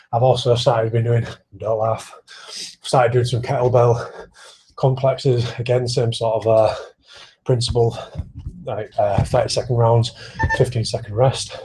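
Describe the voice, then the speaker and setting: A man's voice: medium pitch, a little mellow, a little hiss or hum. A man in casual livestream chat, answering viewer questions while pedalling an exercise bike, rambling, swearing freely and poking fun at himself.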